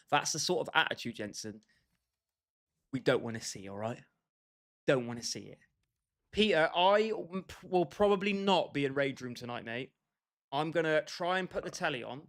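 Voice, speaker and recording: A man's voice: mid-range voice, fairly bright tone. A young British man casually chatting with his livestream viewers, bantering with them by name and laughing often. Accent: British English. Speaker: streamer.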